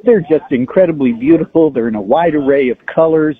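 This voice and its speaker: A man calling in to a radio show from an outdoor market, talking in a relaxed, friendly and somewhat rambling way. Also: on the high side, a little fast. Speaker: phone-in guest, flower farmer. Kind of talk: casual radio chat. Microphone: phone. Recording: phone-line call-in audio.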